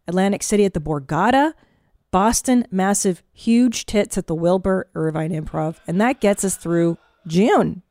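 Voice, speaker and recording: Woman comic hosting her podcast, blunt and profane, rambling; mid-pitched, dry studio sound. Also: vocal fry, a little mellow, dry recording. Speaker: podcast host and stand-up comedian. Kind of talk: casual podcast chat. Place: studio booth.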